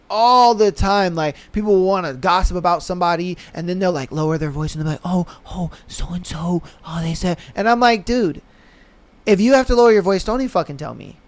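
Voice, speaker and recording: A man's voice: sits high, clear, resonant tone, no echo. A young adult man hosting a podcast in casual solo commentary, blunt and slangy, often asking "you know what I mean". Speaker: podcast host.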